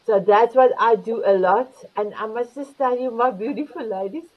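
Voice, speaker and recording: Speaking at a moderate pace in a voice on the high side, an older woman hosts a talk show online over muffled video-call sound. She gushes warmly over her guests and tells them they're beautiful.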